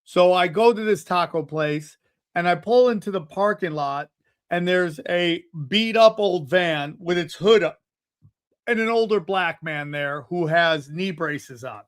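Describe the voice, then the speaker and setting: A comedian and podcast host from upstate New York tells a story with a lively delivery and deadpan asides. His voice is high-pitched and his pace unhurried.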